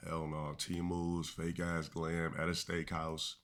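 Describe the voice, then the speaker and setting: A man's voice: deep voice, monotone, slow pace, a bit bright. A male streamer giving crude, dismissive reaction commentary on a live stream. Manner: blunt, crude, dismissive ranting.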